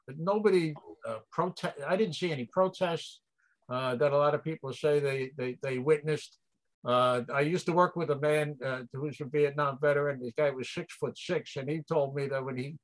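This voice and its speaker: An older man with a New York accent, chatting as an interview guest in an easygoing way and chuckling often. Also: on the high side. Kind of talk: casual interview chat.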